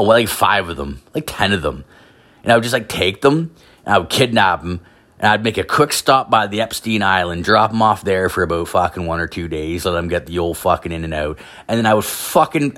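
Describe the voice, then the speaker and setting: A man's voice: fairly low pitch, a little fast, a bit bright. A man ranting casually, rambling with constant filler words and heavy swearing. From Canada. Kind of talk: profane casual rant.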